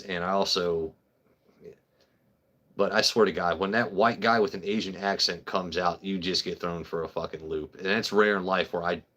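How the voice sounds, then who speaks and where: A man with a notably low voice chats loosely on a livestream. He rambles from story to story, swears freely and answers viewers by name in a joking, offhand way. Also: pushed and bright. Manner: profane, joking, talks to chat by name. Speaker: livestream host. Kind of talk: casual rambling livestream chat.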